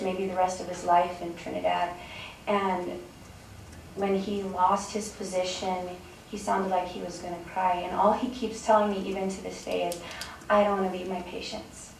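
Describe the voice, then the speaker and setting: A woman's voice: lowish voice, flat delivery, moderate pace, darkish tone, slight background noise. A young woman speaking emotionally and earnestly during public comment at a city council meeting. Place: council chamber. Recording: roomy distant council-chamber recording.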